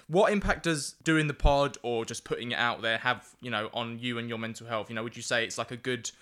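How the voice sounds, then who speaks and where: Bright-voiced young man hosting. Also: medium pitch, a little fast. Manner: friendly, teasing banter. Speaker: podcast host. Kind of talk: casual podcast chat with a scripted intro.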